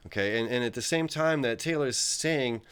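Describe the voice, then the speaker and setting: A man's voice: mid-range voice, fairly quick, fairly bright tone, clear, resonant tone. A man talking casually on his own, rambling and conversational, often checking in with "right?" as he goes. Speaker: astrology video host. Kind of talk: casual solo monologue.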